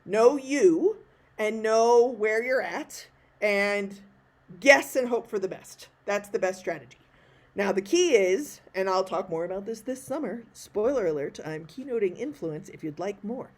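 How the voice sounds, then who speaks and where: A talkative woman answers questions from an online audience. She keeps it casual and self-deprecating, with quick asides, and her voice sits in a middle pitch for a woman. It sounds like she is speaking on a video call. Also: expressive. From Texas. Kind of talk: live online Q&A talk.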